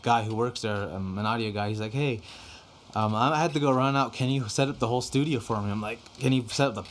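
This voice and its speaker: A man's voice: medium pitch, quick pace, a little hiss or hum. A young man casually chatting on a podcast, rambling with lots of fillers and casual swearing. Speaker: podcast guest telling studio stories. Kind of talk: casual chat.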